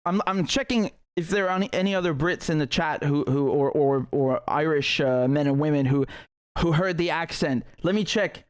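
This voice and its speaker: A man's voice: fairly high pitch, normal speed, clean tone. A man hosting a live political stream, talking in a heated, sarcastic way with many restarts.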